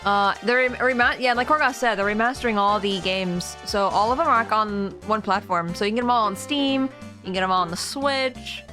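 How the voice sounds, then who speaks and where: A woman's voice: medium pitch, brisk, sharp tone, faint music behind. A woman streamer giving casual, giggly let's-play commentary and reacting aloud to a game.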